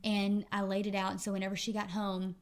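A woman's voice: mid-range voice, monotone, fairly quick. A woman guest, with many fillers and restarts, telling her story casually in an interview. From Arkansas.

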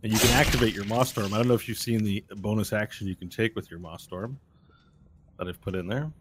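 A man narrating as game master of a tabletop game, describing scenes in a relaxed way and correcting himself as he goes. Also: fairly low pitch, quick pace, very noisy.

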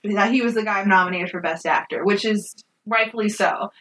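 Bright-voiced animated woman podcaster. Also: mid-range voice, moderate pace, distant mic. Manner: animated, swears freely, laughs often. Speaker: podcast co-host reviewing a film. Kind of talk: casual chat.

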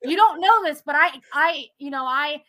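A woman's voice: high-pitched, moderate pace, pushed and bright. A young woman from Ohio, a contest winner guest, telling her story chattily and acting out what others said. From Ohio, USA. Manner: chatty, acts out quotes, many "like"s. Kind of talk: excited phone interview storytelling.

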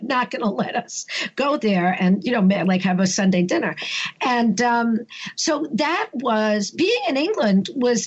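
A middle-aged woman with a New York accent, talking as a guest in a casual interview. Her voice is husky and breathy, and she jumps up in pitch and laughs often as she tells her stories. The recording sounds a bit dull and lo-fi. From United States, Brooklyn and Long Island. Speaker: author and humorist, podcast guest.

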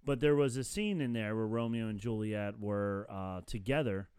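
Podcast co-host, male, animated casual talker, smooth tone, dry close mic. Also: lowish voice, normal speed, no echo. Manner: animated, laughs often, breaks into silly voices. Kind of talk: casual chat.

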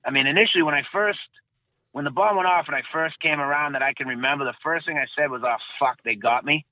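On the high side and fast, this man speaks as a guest in an informal interview, describing his own experience of surviving a bombing. His account meanders, with phrases repeated and frequent self-corrections, all heard through dry, tinny, phone-like audio.

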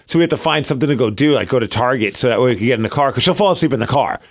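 A man's voice: mid-range voice, animated, very fast. A man in his thirties co-hosting a podcast in casual chat, acting out his toddler in his stories. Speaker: podcast co-host.

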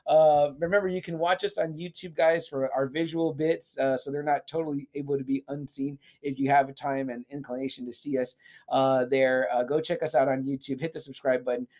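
A man co-hosting a casual movie-review podcast, animated and profane, acting out scenes in quick little impressions. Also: mid-range voice. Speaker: podcast co-host.

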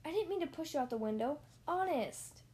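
A worried, bossy cowboy toy sheriff from a storybook, voiced by a woman reading aloud. He talks in urgent, hushed tones and snaps back when he is challenged. The voice sits a little high. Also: animated, fairly quick. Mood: pleading.

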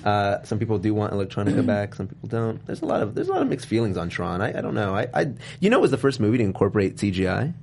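Lively fast-talking man hosting. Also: fairly low pitch, gravelly, a little hiss or hum. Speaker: host. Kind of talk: casual chat.

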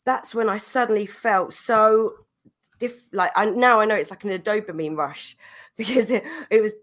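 A woman's voice: mid-range voice, a little slow, fairly bright tone, soft background music. Woman guest getting over a cold, chatty storyteller who laughs a lot. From London, England. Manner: chatty, laughs often, many restarts. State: recovering from a cold. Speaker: podcast guest, musician. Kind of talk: casual storytelling.

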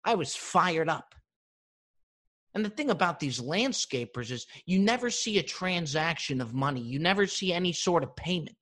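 A man's voice: fairly high pitch, moderate pace. A man hosting a podcast, telling comic stories from his living room with swearing and mimicry. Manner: animated storytelling with profanity and mimicry. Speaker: podcast host. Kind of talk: comedic monologue. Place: living room with open windows.

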